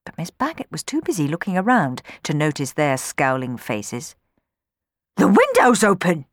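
A woman reading a children's storybook aloud in an expressive way, changing her voice for the characters. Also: sits low, normal speed, no room sound, clean studio sound.

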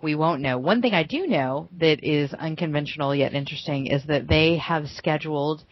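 A woman co-hosting a gaming podcast in a casual chat, bubbly and quick to giggle. Her voice sits low for a woman and comes through a dry, close home microphone with a slightly muffled, lo-fi tone. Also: no echo. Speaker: podcast co-host.

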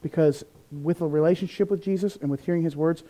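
A man preaching a sermon, animated, acting out quoted voices with big swings in pitch and loudness. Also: quick pace. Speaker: pastor.

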